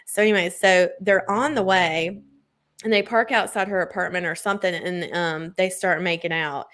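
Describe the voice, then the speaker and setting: A woman's voice: lowish voice, fairly even intonation, normal speed, fairly bright tone. A woman in casual chat, gushing as she retells a book's plot with lots of filler words. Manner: gushing book recap full of "like" fillers.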